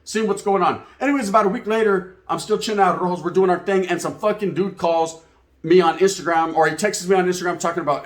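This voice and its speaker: A man's voice: high voice, fast, echoey room. A man telling a casual story to his channel's viewers in profane, slangy street talk. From California. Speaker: YouTube channel host.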